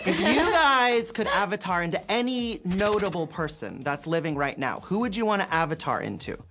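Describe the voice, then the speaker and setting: A man hosting a casual press interview, joking and excitable. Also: sits high, moderate pace, a little hiss or hum. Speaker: entertainment interviewer.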